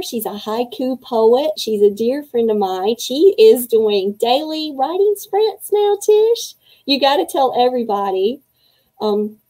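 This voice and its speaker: Middle aged lady hosting a conference, gushing and heartfelt, soft mellow tone. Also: on the high side, low-quality recording. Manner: emotional, faith-filled, excited storytelling. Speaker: conference organizer and host. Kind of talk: welcome speech to a virtual conference.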